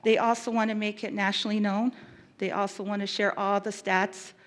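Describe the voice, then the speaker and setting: A woman who works as a victim specialist giving an earnest, emotional talk, pausing and restarting as she goes. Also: mid-range voice, flat delivery. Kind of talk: public talk.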